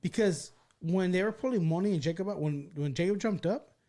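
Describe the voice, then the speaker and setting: A man hosting a podcast, telling a story in a casual, animated and profane way, acting out the people he quotes. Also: sits high, brisk. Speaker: podcast host.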